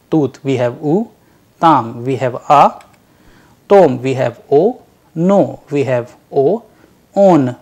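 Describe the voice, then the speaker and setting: Male lecturer, unhurried and methodical, spells out sounds one at a time in a slightly raised voice. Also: a little high, darkish tone. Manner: slow, careful syllable-by-syllable drilling; addresses "dear learners". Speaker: language teacher. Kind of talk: recorded lecture.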